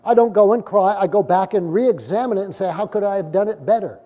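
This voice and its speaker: A middle-aged male pastor preaching a sermon, telling stories and acting out the dialogue, with sudden loud bursts. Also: high voice, fast. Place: church sanctuary. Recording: long hall reverb from a church.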